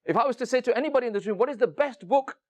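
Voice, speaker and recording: This man's sermon is delivered in a very high-pitched, animated voice at a very fast pace to a seated room. He tells stories, speaks right to the listeners, fires off many rhetorical questions and leans on "you know" fillers.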